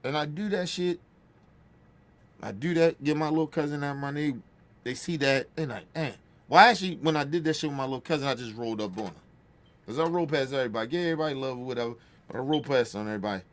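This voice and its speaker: A man's voice: medium pitch, quick pace. Guy telling a long family story, casual and cussing a lot, keeps saying right?. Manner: profane, conversational, repeats "right?" often. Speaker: podcast host.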